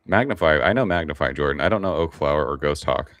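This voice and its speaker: Middle-aged male stream host, very deep and laid-back, rambling and cussing casually. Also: lively intonation, quick pace, fairly bright tone, dry recording. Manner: laid-back, rambling, swears casually, reads chat aloud. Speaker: livestream host. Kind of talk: casual live-stream chat.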